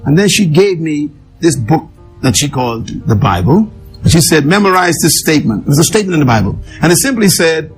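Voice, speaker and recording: A man's voice: fairly high pitch, big pitch swings, fairly quick, faint music behind, poor audio. Earnest man telling his life story. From an island nation. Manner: earnest, emphatic, repeats key words for weight. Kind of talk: storytelling interview.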